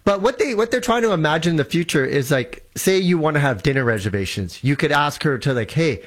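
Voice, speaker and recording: A man's voice: fairly high pitch, animated, a little fast. A man explaining tech in an eager, casual way, often restarting his sentences. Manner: enthusiastic, restarts a lot. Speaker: tech guest on a show.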